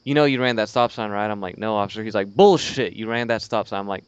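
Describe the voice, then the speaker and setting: Young guy rambling thru a story on a podcast, low smooth voice, kinda muffled dry sound. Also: steady tone, quick pace, dry recording. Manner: rambling, swearing, acts out quotes. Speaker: podcast co-host. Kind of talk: casual storytelling chat.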